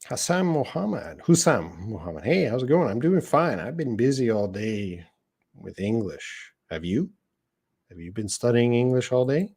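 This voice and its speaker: A middle-aged man hosting a live English class, talking in an easy, conversational way as he reads out questions from the chat. His voice sits fairly low, and he explains things plainly and patiently. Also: lively intonation, unhurried, darkish tone, husky. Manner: casual and conversational, reads viewer questions aloud and answers them. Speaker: English teacher. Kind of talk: live-streamed lesson answering chat questions.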